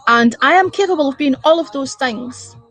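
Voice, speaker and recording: A woman's voice: high voice, expressive, moderate pace, fairly bright tone, faint music behind. A woman chatting with viewers on a livestream, blunt and full of swearing as she rants. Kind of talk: casual live-stream chat.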